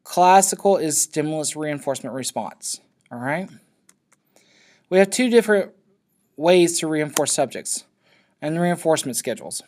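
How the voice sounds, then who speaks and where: A man's voice: on the high side, lively intonation, moderate pace, long pauses, darkish tone. A man teaching a class in a loose, conversational lecture, often checking in with his students. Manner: loose, checks in with frequent "okay?".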